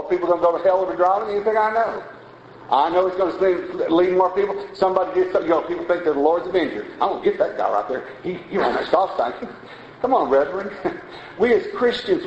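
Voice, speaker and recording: Folksy preacher in a roomy hall. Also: male voice, high voice, darkish tone. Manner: folksy, conversational preaching with asides and chuckles. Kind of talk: sermon. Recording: roomy, dull lo-fi sound with faint noise.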